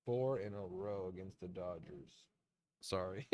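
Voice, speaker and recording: Dude hosting a music stream, rambly and sweary, laughs a lot, voice bounces all over, slow talker. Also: male voice, sits low, expressive, a little mellow. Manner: rambling, profane, laughs often. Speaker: music review livestream host. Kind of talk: casual livestream rant.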